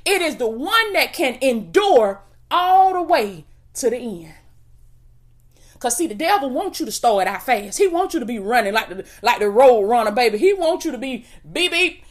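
A woman's voice: on the high side, big pitch swings, normal speed. A woman preaching an impassioned video sermon in a folksy, rhythmic way, calling out "come on now" and "baby" and whooping between phrases.

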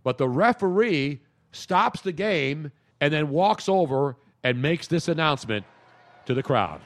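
A man's voice: on the high side, lively intonation, a little slow. Rambling sports radio host, a man. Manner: rambling storyteller, laughs while talking. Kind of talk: casual sports talk.

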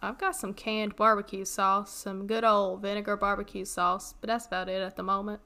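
A woman from Western North Carolina with a Southern accent, co-hosting a podcast and telling a story in casual chat, animated and laughing often. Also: medium pitch, moderate pace. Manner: animated, laughs often, reads old text aloud with asides. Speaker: podcast co-host.

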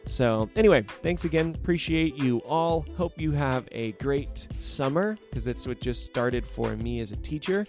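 A man's voice: medium pitch, expressive, measured pace, few pauses, music in the background. A man hosting a storytelling podcast, narrating expressively and chatting casually at the end.

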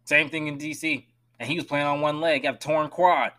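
A man's voice: on the high side, steady tone, a little fast. Emphatic man ranting on a podcast. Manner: emphatic, swings between loud and hushed; direct, addresses listeners as y'all. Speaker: podcast host. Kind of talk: solo sports podcast rant.

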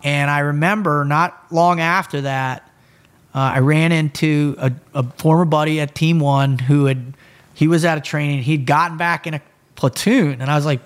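On a podcast, a middle-aged male guest relaxedly recounts his past in conversation, swearing casually and slipping in and out of quoted dialogue to keep the story animated. His voice is a little high, clear and resonant, at a moderate pace.

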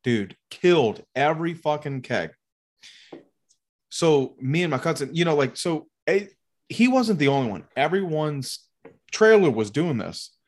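A man telling a story in casual, profane chat. He is animated and swears a lot, and he acts out the people in his story. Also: on the high side, unhurried.

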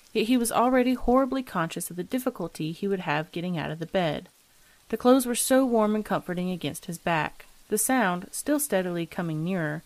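A woman narrating a classic ghost story as the host of a reading show, in a measured, steady manner. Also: medium pitch, dry recording.

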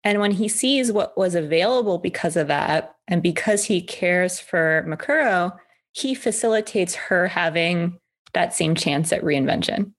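A woman with a fairly low-pitched voice co-hosts a relaxed anime chat. She talks with playful, teasing asides and jokes at her listeners. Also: a little slow. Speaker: co-host. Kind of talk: casual anime discussion.

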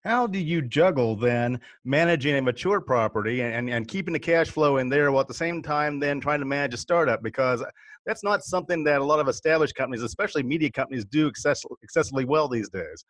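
Fast-talking man podcast co-host. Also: mid-range voice, a bit bright, no echo. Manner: quick, chatty, repeats words when thinking. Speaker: podcast co-host, company president. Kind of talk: conversational podcast hosting.

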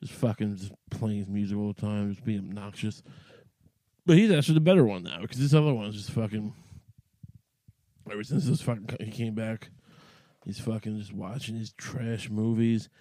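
A man's voice: fairly low pitch, normal speed, mellow, no room sound. A man hosting a podcast, talking in a rambling, profane monologue full of restarts and asides. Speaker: podcast host.

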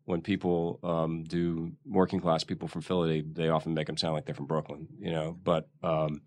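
A man's voice: rumbling low, level tone, normal speed, no echo. A middle-aged man with a Philadelphia accent, chatting as an interview guest who searches thoughtfully for his words. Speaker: guest actor. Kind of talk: casual interview chat.

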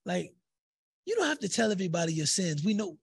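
High gravelly male religious teacher. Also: sing-song, fast, dry recording. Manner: conversational, many fillers and tag questions. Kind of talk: teaching a spiritual text.

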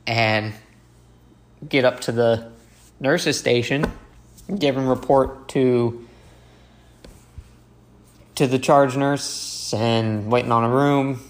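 A young man, a paramedic, casually telling a story in a slow, halting way with many fillers and restarts. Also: mid-range voice, steady tone.

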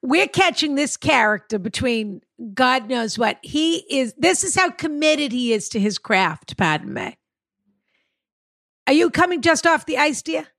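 A woman's voice: sits high, very animated, measured pace, vocal fry, a bit bright, dry recording, studio quality. A woman hosting a podcast, chatting in a playful, teasing way with campy endearments. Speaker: podcast host. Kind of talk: casual comedic interview chat.

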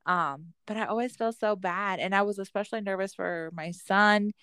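A woman's voice: mid-range voice, normal speed, fairly bright tone, clear, resonant tone, dry recording, studio quality. A woman in her thirties chatting casually as a podcast co-host, telling stories about her kids and acting out their lines. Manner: chatty storyteller, acts out her kids' voices. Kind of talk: casual chat.

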